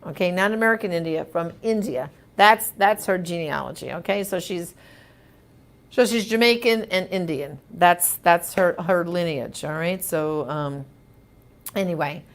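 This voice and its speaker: A woman's voice: fairly low pitch, measured pace. Emphatic chatty woman hosting a Q&A. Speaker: host answering viewer comments. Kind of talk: live question-and-answer chat.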